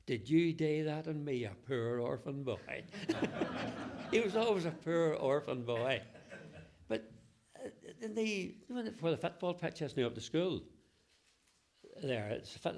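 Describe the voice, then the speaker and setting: An older man spins local yarns to a group, mimicking the people he quotes and chuckling along the way. His voice sits at an ordinary pitch but has a rough, gravelly edge. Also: darkish tone. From Northern Ireland. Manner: chatty, laughing at his own jokes, quoting others. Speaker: local storyteller. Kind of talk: telling local anecdotes to a group.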